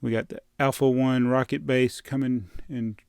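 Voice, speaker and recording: A man rambles through a casual home vlog and chuckles self-consciously between thoughts. His voice sits at an ordinary middle pitch. The sound is dry and close, with no room ring. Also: little pitch movement, moderate pace, vocal fry, a little mellow, clean tone, dry recording. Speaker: toy collecting vlogger. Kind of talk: casual chat. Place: room at home with posters on the walls.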